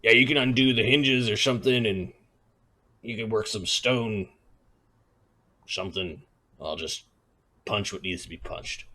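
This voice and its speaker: A man playing a tabletop game, decisive and planning out loud. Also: lowish voice, unhurried, long pauses. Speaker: player. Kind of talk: casual tabletop game chat.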